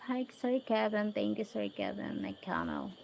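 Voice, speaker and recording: A woman with a Filipino accent hosting a casual livestream, slowly reading out viewers' comments and thanking them one by one. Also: medium pitch, huge pitch swings, creaky, darkish tone, slight background noise, rough recording. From Philippines. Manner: slow, unhurried greetings and thanks to viewers. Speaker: livestream host.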